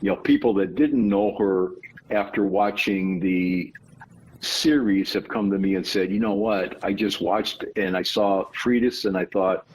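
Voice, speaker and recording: A man, an author guest on an interview podcast, explaining his ideas in a measured, storytelling way. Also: lowish voice, breathy edge, poor audio. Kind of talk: conversational interview.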